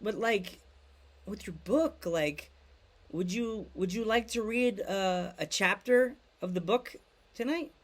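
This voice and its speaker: A podcast host asking slow, halting questions full of fillers in a casual interview. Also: mid-range voice.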